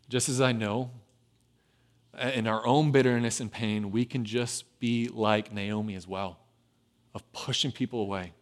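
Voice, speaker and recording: Preaching as a pastor, a man speaks at a medium pitch, his sermon falling into gentle whispers and then swelling into loud urgency.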